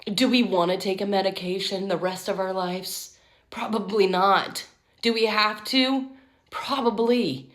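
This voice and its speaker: A woman's voice: medium pitch, fairly even intonation, unhurried. A woman in her thirties talking candidly and emotionally to camera in a personal vlog. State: tearful at times. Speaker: vlogger.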